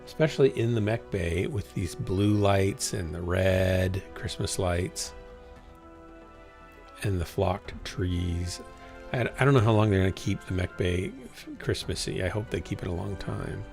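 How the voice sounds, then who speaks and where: A man's voice: low-pitched, unhurried, vocal fry, a little mellow, faint music behind. A man chatting casually to a small chat while playing a game on a livestream, rambling to himself and sometimes yawning. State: yawning, tired. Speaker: livestreaming gamer.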